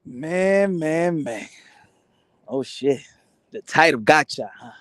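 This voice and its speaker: High-voiced man in a profane comic rant. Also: lively intonation, slow pace, a bit bright, dry recording. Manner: incredulous, profane, repeats himself for effect. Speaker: boxing content creator.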